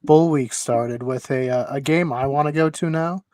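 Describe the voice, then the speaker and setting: This is a man hosting a casual sports podcast from a remote call mic. His voice sits at a middle pitch and is easygoing and chatty. The recording is dry, with no room ring. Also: normal speed, mellow, no echo. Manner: easygoing, chatty, laughs often. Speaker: podcast host.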